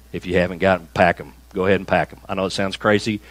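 A deep-voiced male pastor gives a conversational sermon, slowing down to lean on the phrases he wants remembered. The sound is dry and close, with no room echo. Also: fairly even intonation. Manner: conversational preaching, slow emphatic stresses on key phrases. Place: small church room, also streamed.

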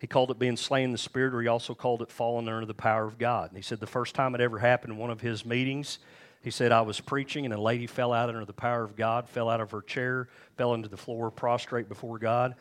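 A man preaching a sermon to his congregation, telling stories in a folksy, conversational way. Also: medium pitch. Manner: folksy storytelling, addresses congregation directly. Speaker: pastor. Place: church.

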